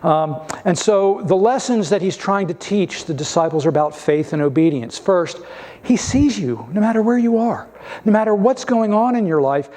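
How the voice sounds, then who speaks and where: A male pastor delivering a sermon, telling stories with gentle humor and stressing key points with a rising voice. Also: high voice, lively intonation, moderate pace. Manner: storytelling preacher with gentle humor.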